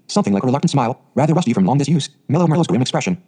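A man narrating a classic novel as an audiobook reader, in brisk, even storytelling. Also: medium pitch, slightly rough.

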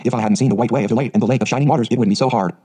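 Guy reading as a chatty dreamy orphan girl, fast and mellow, husky edge, storybook. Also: medium pitch, close to an everyday voice. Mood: eager. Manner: dreamy, gushing, dramatic phrasing. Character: eager talkative orphan girl of eleven.

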